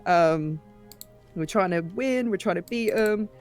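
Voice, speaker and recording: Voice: mid-range voice, unhurried, a little mellow. Tabletop player, casual recap, chatty, laughing, swears freely, faint background music. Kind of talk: casual recap of a game session.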